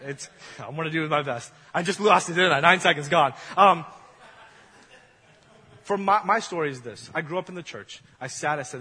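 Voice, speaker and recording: A young man preaches in a church hall, keeping it casual and acting out little scenes as he goes. His voice sits high and sounds bright and a little husky. Long reverb rings off the walls of the hall. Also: moderate pace. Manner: casual, joking storytelling, acts out voices. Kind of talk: sermon.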